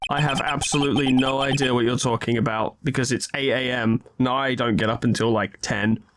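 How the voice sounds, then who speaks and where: A man voicing a young male lawyer in a video game, in a lazy, deadpan mumble. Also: medium pitch, fairly quick, pitched below the performer's own voice, lightly acted.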